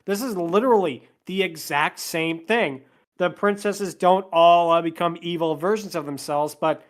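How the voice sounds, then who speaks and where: A man's voice: high voice, a little slow. A man hosting a podcast, walking through a movie's plot scene by scene and dropping sarcastic asides. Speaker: podcast host.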